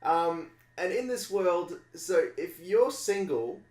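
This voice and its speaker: A man's voice: high voice, animated, takes it slowly, darkish tone, roomy sound. A man on a podcast explaining a film plot in an easygoing, hesitant way. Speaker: podcast co-host.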